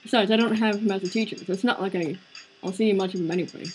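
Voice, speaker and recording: A woman's voice: medium pitch, steady tone, fast talker, soft background music, poor audio. A woman streaming a visual novel, narrating its story aloud in an earnest, conversational way. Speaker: game streamer.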